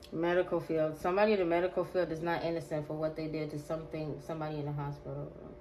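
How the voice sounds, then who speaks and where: A woman's voice: sits low, little pitch movement, warm tone, a little hiss or hum, low-quality recording. Slangy woman doing a tarot reading. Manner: slangy, drawn-out repetitions. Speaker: tarot reader.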